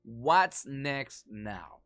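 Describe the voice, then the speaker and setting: A man casually walking viewers through market charts, animated and talkative, acting out the panicked reactions of others. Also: medium pitch, drawn-out words, faint music behind. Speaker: market commentary vlogger.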